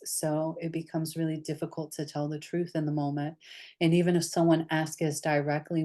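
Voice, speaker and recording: A woman with a low, grounded voice leads a somatic therapy session. She talks candidly and gently, often dropping soft and quiet as she guides the group.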